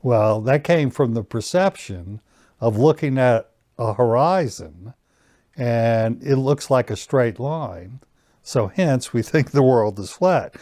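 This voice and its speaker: Guy teaching a mindfulness-type lesson, slow and calm, dry close sound. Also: medium pitch, no room sound. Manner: slow, calm guiding instructions. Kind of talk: guided personal growth lesson.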